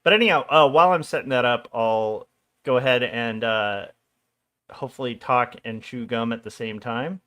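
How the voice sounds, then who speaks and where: A man's voice: medium pitch, moderate pace, fairly bright tone. A man in his forties, an illustrator chatting casually on a livestream while he draws, loose and rambling with small jokes. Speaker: illustrator streaming his drawing work.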